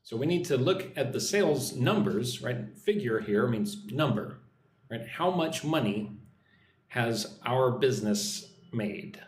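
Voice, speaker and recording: Lively American man teaching English live. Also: medium pitch, slow, roomy sound, a little hiss or hum. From United States. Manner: drills phrases, reads out viewer comments, checks with "right?". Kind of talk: live-stream English lesson. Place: indoors, in Vietnam.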